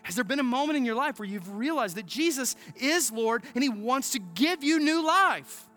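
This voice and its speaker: A man's voice: very high-pitched, animated, moderate pace, bright, forceful tone, soft background music. A man pastor preaching a sermon, emphatic and asking the congregation rhetorical questions.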